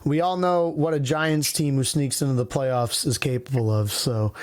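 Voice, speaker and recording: A man's voice: mid-range voice, moderate pace, no echo. A man hosting a sports podcast, steadily running the talk and passing the topic to his co-hosts. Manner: steady, leads the talk and hands off to others. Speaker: podcast host. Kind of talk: casual sports chat.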